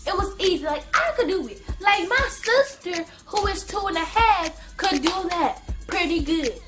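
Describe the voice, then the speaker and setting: High-voiced woman telling an animated story. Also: a little slow, music in the background. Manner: animated, slangy, repetitive storytelling. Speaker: vlogger. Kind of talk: casual storytime.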